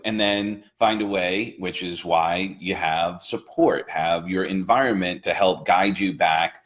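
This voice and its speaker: A man's voice: measured pace, few pauses. A man co-hosting a casual motivational chat as a coach, talking with rising emphasis. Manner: animated, builds emphasis with rising pitch. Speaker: co-host, coach.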